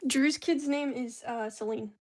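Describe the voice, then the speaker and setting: A woman talks through her crafting in a loose, rambling vlog, her voice sitting a little on the high side. She chats freely and leans on slang as she goes. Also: unhurried, a little mellow. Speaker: craft vlogger. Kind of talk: casual chat while crafting.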